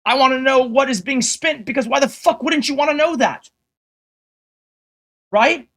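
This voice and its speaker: A man's voice: very high voice, moderate pace, bright, forceful tone. Exasperated swearing male streamer. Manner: heavy swearing, exasperated and combative; addresses viewers directly with rhetorical questions. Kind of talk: ranting livestream monologue.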